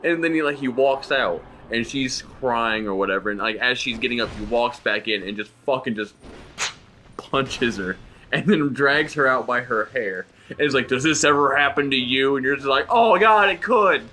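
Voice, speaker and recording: A man co-hosting casual gaming commentary, retelling stories in an animated way and acting out the voices. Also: mid-range voice, moderate pace, slight background noise. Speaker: co-host.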